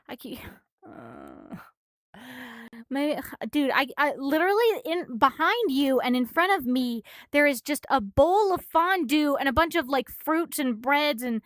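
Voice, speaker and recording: High-pitched woman on stream recapping manga, kinda breathless, swears a lot, dry close sound. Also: moderate pace, dry recording. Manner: excitable, swears casually.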